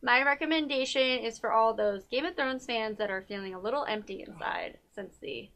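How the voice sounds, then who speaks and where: A woman's voice: fairly high pitch, brisk, fairly bright tone. A woman co-hosting a TV talk show, chatting casually and gushing about a documentary, with many fillers. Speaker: podcast co-host.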